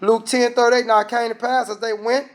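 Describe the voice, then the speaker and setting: A man preaching a lively sermon, firing off rhetorical questions and acting out voices. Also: extremely high pitch, fairly quick.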